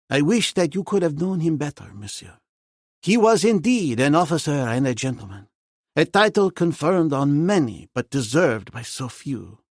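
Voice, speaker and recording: A man's voice: mid-range voice, a little mellow, no echo. A man playing a grieving, loyal French officer who speaks earnestly and solemnly, in a dry, close recording.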